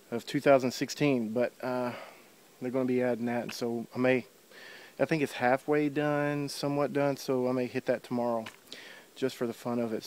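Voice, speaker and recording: A man's voice: medium pitch, a little mellow. A man filming himself while hiking outdoors on a wooded trail, talking casually with lots of uh and um, a little out of breath. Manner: rambling, many fillers like uh and um. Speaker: hiker filming his trip. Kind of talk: casual walking vlog. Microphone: handheld camera while walking.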